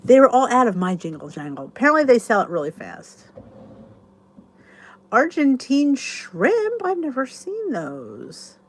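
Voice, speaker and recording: A woman's voice: fairly high pitch, very animated, unhurried. A middle-aged woman hosting her channel, chatting casually and enthusiastically to viewers in a rambling way. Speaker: YouTube channel host.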